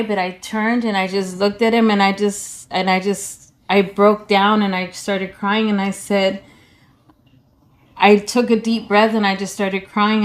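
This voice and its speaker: A woman in her forties, a pastor's wife, talking casually with her husband, rambling with many restarts and repeated words. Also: mid-range voice. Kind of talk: casual chat.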